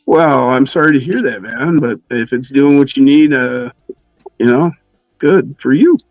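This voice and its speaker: A man's voice: measured pace, darkish tone, no room sound, soft background music, low-quality recording. Laid-back swearing male streamer. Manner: laid-back, swearing, acts out quotes in a high voice. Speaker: co-host. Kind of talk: casual livestream chat.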